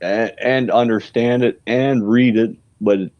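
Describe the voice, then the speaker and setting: A man's voice: mid-range voice, steady tone, a little slow. A man from Canada and the American South in casual podcast chat, laid-back and swearing freely, laughing often. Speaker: podcast host. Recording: dull lo-fi sound.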